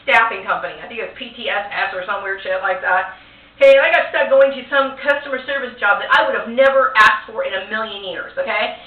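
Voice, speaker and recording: An agitated woman with a slightly high voice rants to camera, tagging nearly every sentence with "okay?" and going over the same complaints again and again. She sits some distance from the mic, so her voice reaches it echoey and thin, like a phone line. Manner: repetitive, circling back over the same complaints. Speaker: vlogger. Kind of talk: personal rant to camera.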